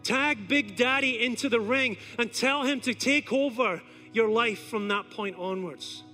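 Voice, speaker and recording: High-voiced animated male preacher. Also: measured pace, faint music behind. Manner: animated, acts out stories. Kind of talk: sermon with storytelling.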